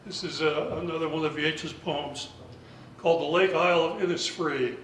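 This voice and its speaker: A man reading a poem aloud in a measured, deliberate way at a poetry salon. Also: on the high side, a bit bright, a little hiss or hum. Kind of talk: slow poetry recitation. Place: lounge bar, indoors. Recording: echoey room, voice from far off.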